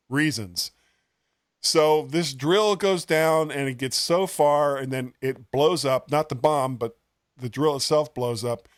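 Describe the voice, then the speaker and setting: A man's voice: mid-range voice, no echo, studio quality. A man co-hosting a casual tech podcast, rambling and chuckling as he recommends a game, poking fun at himself. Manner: rambling, chuckling, self-deprecating. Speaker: podcast co-host.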